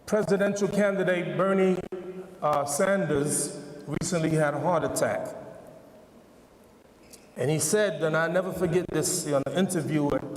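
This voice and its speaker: High-voiced male preacher in a big hall. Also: slight background noise. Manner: storytelling, emphatic, repeats rhetorical questions. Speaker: convention speaker, preacher. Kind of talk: sermon. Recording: echoey hall, distant mic.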